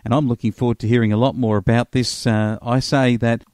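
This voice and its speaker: A man's voice: medium pitch, flat delivery, fairly quick, a little mellow, no echo, studio quality. A middle-aged Australian man, a radio host, giving a rambling commentary full of filler words. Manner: rambling, many filler uhs.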